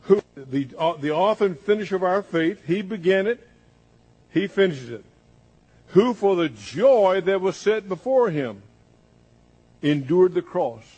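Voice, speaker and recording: A male preacher with a high, husky voice delivers a dramatic sermon. He stacks long repeated phrases and lists, letting them build. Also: expressive, unhurried, long pauses, a little mellow, highs cut off.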